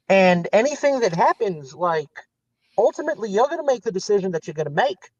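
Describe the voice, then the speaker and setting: A man guest telling a long story in casual chat, rambling and animated, acting out the lines of others. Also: high-pitched, a little fast, no room sound. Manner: rambling, animated retelling with quoted dialogue. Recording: slightly dull lo-fi sound.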